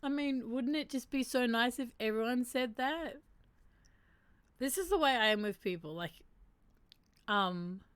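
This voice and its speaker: A woman's voice: on the high side, unhurried, pauses often, a bit bright, clear, resonant tone, no echo. A woman hosting a casual stream, reading statements aloud and reacting candidly and emotionally. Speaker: streamer host. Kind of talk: casual reflective stream chat.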